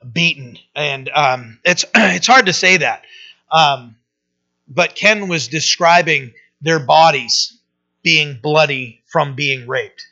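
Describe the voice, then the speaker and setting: A man preaching a loose, conversational sermon, with a high, bright and sharp voice. He rambles, restarts his sentences and keeps checking in with his listeners. The recording is dull and lo-fi. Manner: conversational, rambling, frequent "right?" asides and restarts. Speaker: pastor. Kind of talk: informal Bible-study sermon.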